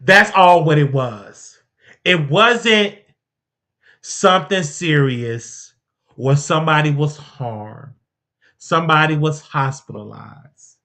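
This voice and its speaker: This live-stream commentary host talks slowly but forcefully, circling back over the same points while his pitch and volume rise and fall dramatically.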